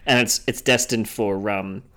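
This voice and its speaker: A man's voice: on the low side, steady tone, unhurried, pushed and bright. A man co-hosting a podcast, improvising a role-play in a laid-back, hesitant way. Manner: laid-back, hesitant, frequent ums and laughs. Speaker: podcast co-host.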